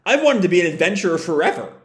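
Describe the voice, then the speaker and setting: A man voicing a bold, thrill-loving young female lemur hero from a comic, reading her lines excitedly and shouting them out. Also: sits high, racing.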